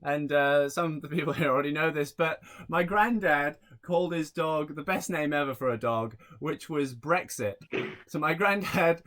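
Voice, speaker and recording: Young man, deadpan stand-up delivery, somewhat high voice, rambling with fillers. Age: young adult. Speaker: stand-up comedian. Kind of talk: stand-up set over a video call.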